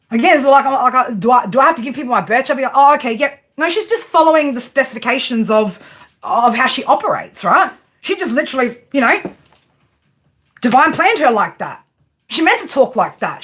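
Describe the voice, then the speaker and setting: A woman's voice: high-pitched, a bit bright. A woman who reads tarot, ranting unscripted on her stream, swearing freely and firing off rhetorical questions with a constant "right?". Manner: profane and combative, rhetorical questions, frequent "right?". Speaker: tarot and spiritual reader. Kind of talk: unscripted livestream rant.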